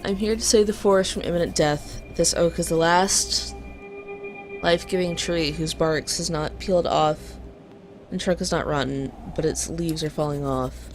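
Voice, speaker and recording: A woman voicing an ancient forest spirit in a game, speaking in an even, solemn, reproachful way. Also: deep voice, normal speed, soft background music. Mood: grave. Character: ancient genderless forest spirit, calm and ominous.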